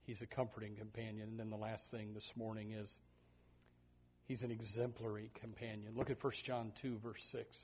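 A man preaching a sermon in a lively, animated manner, often stumbling over repeated words. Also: lowish voice, brisk, a little hiss or hum. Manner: animated, repetitive restarts, voices sheep and God aloud. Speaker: pastor. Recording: dull lo-fi recording.

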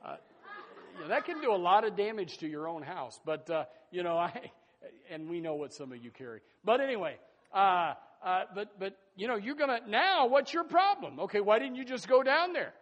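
A man preaching a sermon in a folksy, animated way, with sudden loud bursts and asides to the congregation. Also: high voice, moderate pace, highs cut off. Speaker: pastor.

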